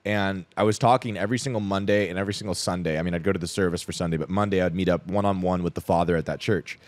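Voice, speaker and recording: A man's voice: deep voice, fairly even intonation, racing, no echo. A young man in his twenties, a podcast guest, telling a personal story in a loose, rambling way, full of "like" and casual swearing.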